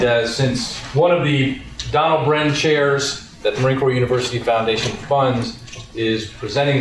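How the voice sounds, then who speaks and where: A man introducing a lecture speaker in a halting way, with many restarts. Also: medium pitch. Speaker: event introducer. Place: large lecture hall. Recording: echoey hall, mic far off.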